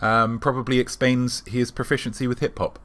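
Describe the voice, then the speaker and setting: A man of middle pitch hosts a live-stream show with a mock-grand, deadpan flair. He reels off viewer names in a loose, playful patter. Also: moderate pace. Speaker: livestream host.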